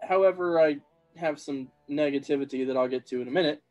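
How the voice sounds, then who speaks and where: A man's voice: on the high side, brisk, darkish tone, faint music behind, rough recording. A man talking as a guest on a casual podcast, upbeat and laughing often.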